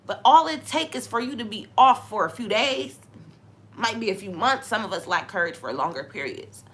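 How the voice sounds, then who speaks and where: A young woman hosting a podcast, talking in a relaxed, conversational way about faith and sometimes dropping into a hushed voice when she tells a story. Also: mid-range voice, moderate pace. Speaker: podcast host. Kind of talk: casual spiritual talk.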